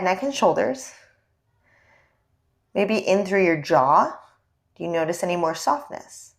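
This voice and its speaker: Young woman, yoga teacher, guided class instruction, gentle, encouraging, middle pitch. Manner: gentle, encouraging, asks many check-in questions.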